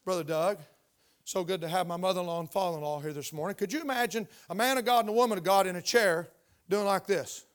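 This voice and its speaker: An older male pastor preaching to his congregation in church. He speaks in a fairly high voice and keeps throwing questions out to the room, stressing his points. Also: fast talker. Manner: emphatic, call-and-response questions to the congregation. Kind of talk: sermon. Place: church sanctuary.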